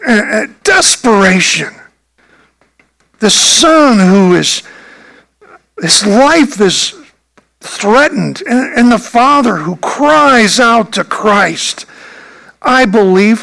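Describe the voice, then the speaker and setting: A man, a pastor, preaching a sermon earnestly and emphatically, with a gravelly voice. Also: high-pitched, a bit bright, poor audio.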